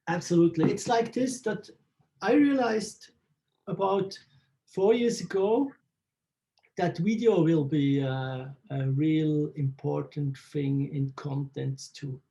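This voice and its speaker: A man, answering interview questions in halting English and searching for words. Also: a little high, mellow. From Switzerland. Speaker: photographer interviewee.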